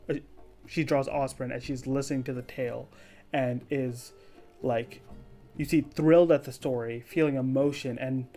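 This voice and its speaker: A man at a middle pitch narrates a tabletop game as game master. He describes the scene loosely, with many "like"s and restarts, over faint background music. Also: warm tone. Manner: casual, filler-heavy scene description.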